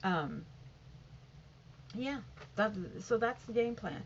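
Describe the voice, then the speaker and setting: A woman's voice: on the high side, lively intonation, slow. A woman chatting casually to her viewers, rambling and often saying "you know". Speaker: vlogger. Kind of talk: casual chat to camera. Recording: dull lo-fi sound with faint noise.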